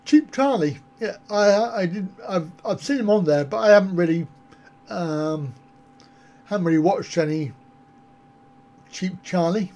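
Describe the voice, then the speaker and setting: A man's voice: high-pitched, measured pace, long pauses, darkish tone. A man on a casual live stream, answering viewer comments in a rambling, self-mocking way. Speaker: travel vlogger answering live chat.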